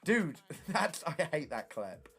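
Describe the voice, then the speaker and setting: A young man streaming, telling stories in casual chat, animated and swearing often. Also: a little high, slow, creaky, slightly rough, soft background music.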